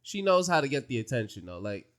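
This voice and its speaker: A man hosting a casual podcast chat, slangy and animated, talking in quick rushes. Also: mid-range voice. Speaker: podcast host. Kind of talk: casual anime recap chat.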